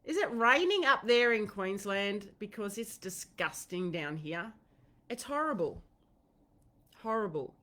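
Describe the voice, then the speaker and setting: A woman's voice: medium pitch, expressive, measured pace, few pauses, pushed and bright. Chatty Australian woman on a livestream. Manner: chatty and rambling, with many fillers and restarts. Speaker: host of a horse-training Q&A livestream. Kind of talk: casual livestream chat.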